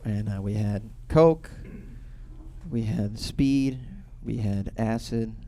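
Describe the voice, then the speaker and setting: A man in his thirties from Boston doing a stand-up comedy set, telling a loose, profane story with sudden loud bursts. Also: on the low side, takes it slowly. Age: 30s.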